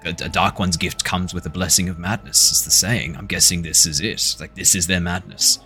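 A man running a tabletop game as dungeon master, with measured narration and playful asides. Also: low voice, steady tone, bright, forceful tone, soft background music.

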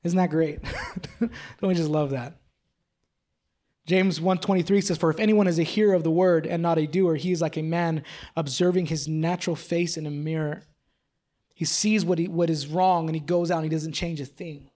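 A man's voice: fairly high pitch, fairly even intonation, normal speed, mellow. A man in his thirties preaching a sermon. He talks casually and jokingly, full of "like" and restarts, then builds to pressing repeated questions. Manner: casual, joking, confessional, with many fillers and restarts. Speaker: pastor.

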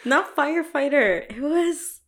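A woman's voice: high voice, a little slow. A young woman co-hosting a podcast in casual chat, laughing often and swearing freely. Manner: laughing, swearing, animated banter. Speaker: podcast co-host.

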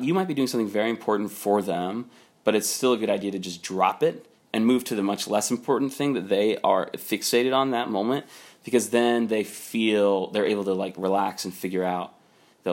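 Man, lowish voice, casual storytelling, rambling, filler-heavy. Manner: rambling, many "like" fillers, quotes people in raised voice. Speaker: storyteller recounting a work conflict.

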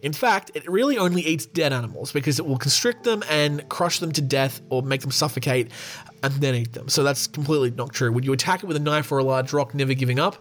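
A man's voice: mid-range voice, quick pace. A man hosting a podcast, reading out quiz questions and joking through his answers. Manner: joking, reads questions aloud and answers himself. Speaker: podcast host. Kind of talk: casual chat reading a quiz.

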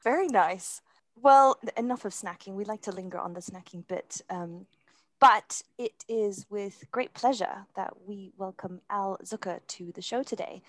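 A woman's voice: medium pitch, a little slow, no room sound. Woman, podcast co-host, friendly and conversational, dry sound.

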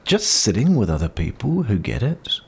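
A man's voice: lowish voice, huge pitch swings, moderate pace, vocal fry, breathy edge. A middle-aged man with a New Zealand accent gives an earnest, encouraging personal monologue outdoors. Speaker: podcast host sharing personal experience. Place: outdoors in wind. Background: faint wind.

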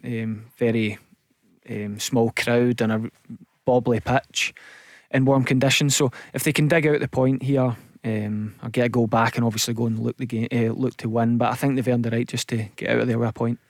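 Former footballer, chatty radio pundit, tells stories loosely, close dry mic. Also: male voice, medium pitch, no echo. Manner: relaxed storytelling with fillers. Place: radio studio.

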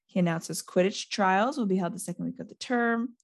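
A woman with a medium-pitched voice talks briskly as she hosts a casual podcast chat. Giggly and chatty, she retells a novel and reads passages from it aloud.

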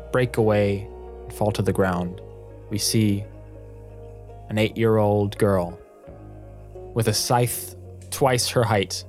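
A man narrating an improvised story as co-host, playful, stopping to laugh and ask questions. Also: lowish voice.

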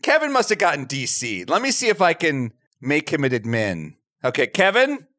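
A man hosting a comedy podcast, joking and riffing loudly, recorded over an online call mic. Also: a little high, normal speed. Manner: animated, loud bursts, jokey impressions. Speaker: podcast host.

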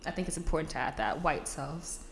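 Animated woman in casual chat. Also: sits low, fast talker. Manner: animated, laughing, swearing freely. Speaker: podcast co-host. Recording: echoey room with faint background noise.

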